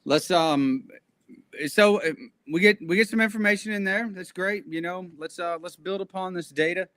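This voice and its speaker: A man's voice: high-pitched, moderate pace, sharp tone, no room sound. A man in an online study group, hesitant and full of fillers. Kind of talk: casual chat.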